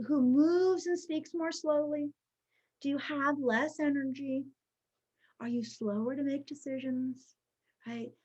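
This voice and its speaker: A woman leading an online training session, chatty and lively, checking in with her audience with a frequent "okay?". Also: sits high, lo-fi sound. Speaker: workshop presenter.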